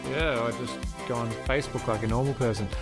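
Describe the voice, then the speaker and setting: A man, a co-host with a dry, deadpan sense of humour. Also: mid-range voice, fast, over music. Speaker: podcast co-host.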